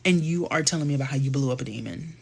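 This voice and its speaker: Husky guy on a live stream, gossiping and riffing, lots of slang. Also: medium pitch. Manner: animated, gossipy storytelling with slang and quick asides. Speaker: livestream host. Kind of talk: casual chat on a live stream.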